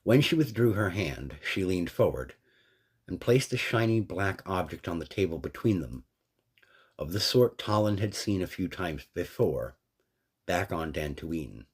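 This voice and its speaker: A man narrating a fan story in a steady, descriptive way. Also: deep voice, a little slow, breathy edge.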